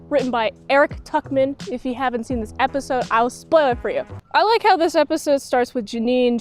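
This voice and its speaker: A woman giving a blunt, sarcastic spoken review of a TV show, acting out characters in quick quoted voices. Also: high voice, darkish tone.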